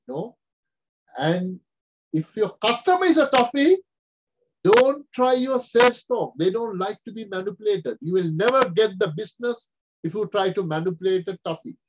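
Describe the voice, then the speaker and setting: A man's voice: sits high, highs cut off, slight background noise. An older man from Sri Lanka giving a webinar lecture, acting out characters as he explains, over a video call. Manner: animated, acts out characters with quoted voices. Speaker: webinar speaker. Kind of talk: lively lecture.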